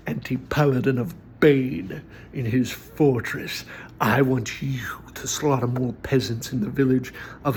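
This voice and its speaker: A man voicing a haughty, vengeful villain lord in a tabletop game, giving slow, commanding orders in a partly hushed voice. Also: medium pitch, a little hiss or hum.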